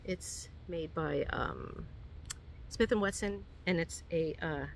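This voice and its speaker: In a relaxed show-and-tell, a hiking vlogger with a New York accent goes over her gear, full of ums and uhs as she rambles. Her voice sits fairly low and her pace is slow, with a little hiss or hum audible.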